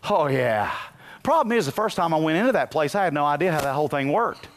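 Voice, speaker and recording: A man preaching a sermon as pastor, moving from quiet asides to loud bursts and telling folksy, humorous stories. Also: fairly high pitch, big pitch swings, fast, slight background noise.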